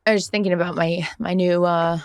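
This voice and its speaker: A woman co-hosting a podcast in casual chat, telling stories with lively acted-out quotes and casual swearing. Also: fairly low pitch, fast talker, smooth, no echo, studio quality. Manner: animated storyteller, acts out quotes, swears casually. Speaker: podcast co-host.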